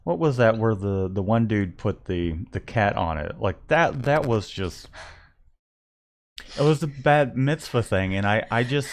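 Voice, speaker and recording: Young male co-host with a low voice, halting casual delivery. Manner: hesitant, repeats words when starting. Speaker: co-host of a live business show. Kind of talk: casual live-stream chat.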